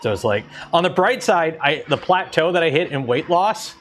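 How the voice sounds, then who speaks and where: A man's voice: a little high, expressive, normal speed, a bit bright, soft background music. Casual rambling livestream host, man. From Canada. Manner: rambling, lots of ums and self-corrections.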